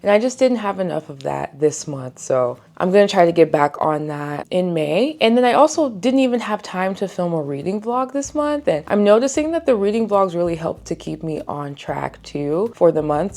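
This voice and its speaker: Woman, book vlogger, casual wrap-up chat, chatty storyteller, gravelly fry. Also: on the low side, a little mellow. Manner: chatty storytelling, frequent "like" fillers.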